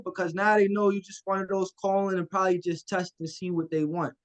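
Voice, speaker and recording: High-voiced man coaching confidently. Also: level tone, brisk, rough recording. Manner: casual and confident, acts out phone calls. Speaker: guest land investor. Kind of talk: coaching on a live call.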